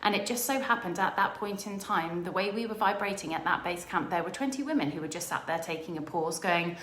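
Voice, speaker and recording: Animated, enthusiastic middle-aged woman coach. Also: on the low side, a little fast, hardly any pauses, echoey room, a little hiss or hum. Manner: enthusiastic, animated storytelling with excited quoted voices. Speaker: business coach. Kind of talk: motivational monologue.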